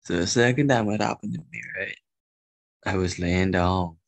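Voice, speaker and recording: Male co-host, very low voice but lively, dry close recording, laid-back rambler. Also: moderate pace, vocal fry, no room sound. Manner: relaxed, filler-heavy talk with laughs. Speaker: podcast co-host. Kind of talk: casual chat.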